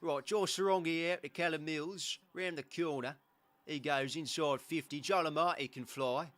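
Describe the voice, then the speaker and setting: A Cockney football commentator, as a man puts him on, calling the play in a jokey, exaggerated accent. He rattles through the action in mock broadcast style, his voice pitched a little higher than usual. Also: fairly even intonation, normal speed, fairly bright tone, no room sound, lightly acted. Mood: playful. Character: put-on British male football commentator.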